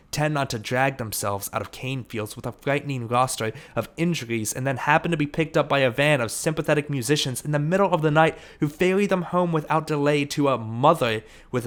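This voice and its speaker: A man narrating an audiobook, reading steadily and lifting his voice for shouted lines. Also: mid-range voice. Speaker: audiobook reader.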